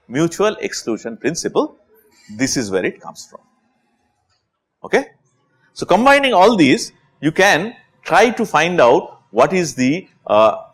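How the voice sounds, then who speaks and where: A man with an Indian English accent lectures on chemistry. His voice sits a touch high and swings widely up and down as he works through each point, checking in with rhetorical questions along the way. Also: breathy edge. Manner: animated, asks rhetorical questions with repeated "right?". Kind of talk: university lecture.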